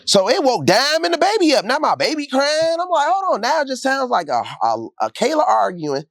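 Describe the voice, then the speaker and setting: Interview guest, man, animated slangy storyteller who acts out quotes; bouncy intonation, dry close sound. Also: very high-pitched, fairly quick, no echo. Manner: gets loud and heated late in the telling.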